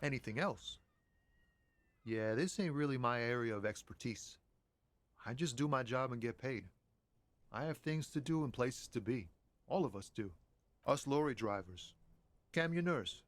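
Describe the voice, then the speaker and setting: A man's voice: medium pitch, lively intonation, normal speed, pauses often, lightly acted. A man voicing a laid-back lorry driver in a video game, talking in a casual, chatty, gossipy way. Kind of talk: voiced game dialogue.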